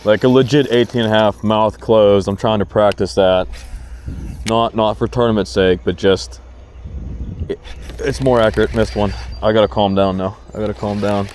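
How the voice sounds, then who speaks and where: A man vlogging while fishing from a boat on a river, talking excitedly to himself and the fish. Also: on the low side, moderate pace, a little hiss or hum. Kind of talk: casual narration while fishing.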